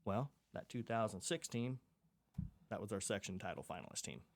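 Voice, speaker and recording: A man's voice: on the low side, expressive, moderate pace, no echo. A middle-aged man, a football coach, reminiscing in a matter-of-fact way as a podcast guest. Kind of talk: casual interview talk.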